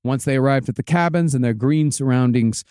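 A man's voice: medium pitch, brisk, mellow, clear, resonant tone, dry recording, studio quality. A man hosting a podcast, telling a story in a laid-back way, swearing casually and laughing often.

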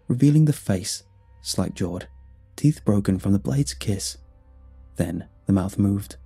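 Dark husky male horror narrator. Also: lowish voice. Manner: tense, steady storytelling with hushed drops. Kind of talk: scripted first-person horror narration.

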